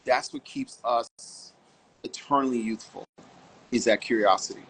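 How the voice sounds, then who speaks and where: A man from Harlem, New York, telling stories as a fashion model guest in an interview, animated and full of vivid asides. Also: mid-range voice, measured pace, slightly rough, poor audio. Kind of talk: storytelling interview answers.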